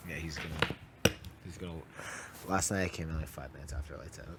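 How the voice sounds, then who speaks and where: A man with a very deep voice talks in an easy, low-key way in a late-night chat. The recording is a live-feed capture with clear hiss behind it. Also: steady tone, brisk. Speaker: reality show houseguest.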